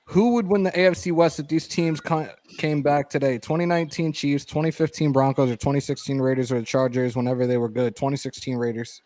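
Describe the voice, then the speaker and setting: A man's voice: medium pitch, steady tone, brisk, few pauses, darkish tone, dry recording. Congested man chatting on a live stream. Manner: loose, profane, laughing banter. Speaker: co-host of live fan show. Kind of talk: casual live-stream chat.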